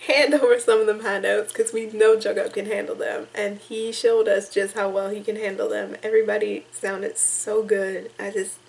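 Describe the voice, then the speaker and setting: A young woman vlogging to camera, emotional and tearful, talking in halting, rambling sentences full of restarts. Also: medium pitch, little pitch movement, gravelly, darkish tone, poor audio. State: tearful, crying on and off. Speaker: vlogger reacting to music. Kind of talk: casual emotional talk to camera.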